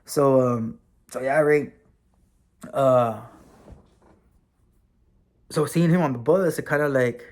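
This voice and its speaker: A man of ordinary pitch talking straight to his viewers in a loose, conversational way. He keeps the story rolling with "you know" and "like", drops in the occasional curse, and sounds relaxed. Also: slow, pauses often. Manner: relaxed and conversational, with frequent fillers and occasional swearing. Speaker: vlogger and former correctional officer, now bus driver. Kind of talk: casual storytelling to camera.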